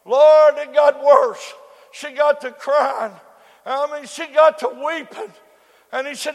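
A man preaching a sermon, swinging between loud shouted cries and low, quiet storytelling. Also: steady tone, takes it slowly. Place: church. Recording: echoey hall with faint congregation.

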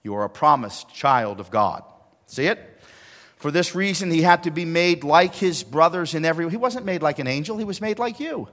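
Man, pastor, sermon, hushed to loud, slightly high voice, long church reverb. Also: expressive, normal speed. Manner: dynamic preaching, swings from hushed to loud. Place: church sanctuary.

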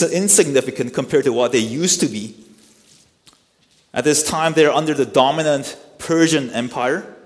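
Earnest male preacher in a reverberant hall. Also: medium pitch. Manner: earnest, teaching, rhetorical questions. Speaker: pastor. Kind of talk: expository sermon.

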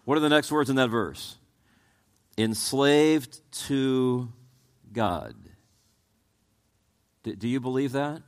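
A man's voice: medium pitch, slow pace, long pauses, clear, resonant tone. A man preaching a sermon as pastor, asking the congregation rhetorical questions and often stumbling over repeated words as he restarts his sentences.

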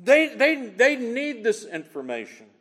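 A man preaches with a high, lively voice that swoops up and down as he presses his points with repeated questions. His words ring out with a long reverb, as if filling a big church hall. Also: a little slow. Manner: animated, emphatic preaching with repeated rhetorical questions. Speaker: pastor. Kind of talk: sermon.

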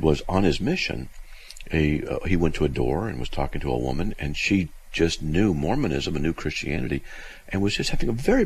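Deep gravelly male radio host. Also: poor audio. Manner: animated storytelling with restarts, lively and amused. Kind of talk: casual call-in radio talk.

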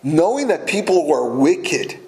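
A man's voice: a little high, big pitch swings, unhurried, a little mellow, roomy sound, low-quality recording. A man preaching a sermon as a pastor, earnest and repeating key phrases for emphasis.

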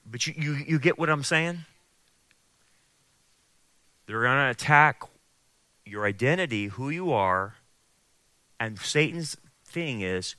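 A man's voice: mid-range voice, expressive, moderate pace, pushed and bright, no echo. A man preaching a sermon as pastor, emphatic and repeating key phrases for stress. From California.

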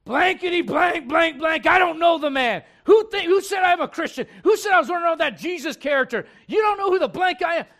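A man voicing an angry man shouting that he doesn't know someone, cursing with blanked-out words. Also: very high voice, lively intonation, brisk, hardly any pauses, pitched above the performer's own voice, full character voice. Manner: shouting, indignant.

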